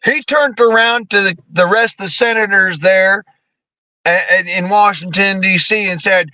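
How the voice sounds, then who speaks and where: A man in his thirties delivers a heated political rant full of profanity and sarcasm. His voice sits high for a man and has a bright, forceful edge. The recording is dry and close, with no room sound. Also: moderate pace, dry recording. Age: 30s. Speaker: streamer.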